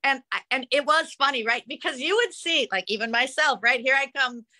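Bright, high-voiced woman. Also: a little fast. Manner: self-deprecating, frequent "right?". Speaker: panelist. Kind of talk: casual chat.

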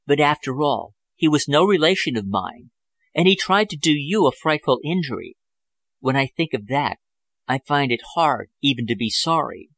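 A man voicing a tender, loyal young woman who speaks softly and quietly in an audiobook. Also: on the high side, very animated, normal speed, vocal fry, no room sound, heavily acted. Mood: quietly firm. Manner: soft, quiet.

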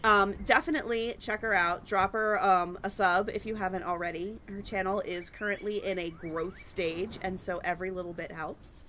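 Chatty woman in her 30s wrapping up a game stream, bright tense voice, lots of ums. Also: medium pitch, steady tone, normal speed, few pauses, slight background noise. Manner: bubbly and chatty, with many fillers. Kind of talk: casual live-stream chat.

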